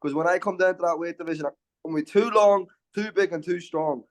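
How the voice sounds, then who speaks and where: A young man, an MMA fighter talking confidently in a casual interview, often restarting his words. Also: sits high. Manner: brash and confident, quick restarts.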